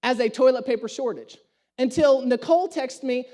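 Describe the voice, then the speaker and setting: High-voiced man preaching. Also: moderate pace. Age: 30s. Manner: humorous, animated storytelling. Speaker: pastor. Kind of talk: sermon.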